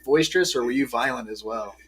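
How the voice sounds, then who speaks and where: Husky-voiced man asking questions. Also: mid-range voice, a bit bright. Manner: short interjections and quick follow-up questions. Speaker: interviewer. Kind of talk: casual interview questions.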